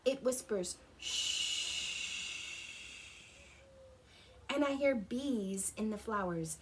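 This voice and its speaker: A woman's voice: fairly high pitch, lively intonation, a little slow, noisy background. A woman reading a picture book aloud to young children at home, stopping to ask them questions and imitate animal sounds. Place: her home.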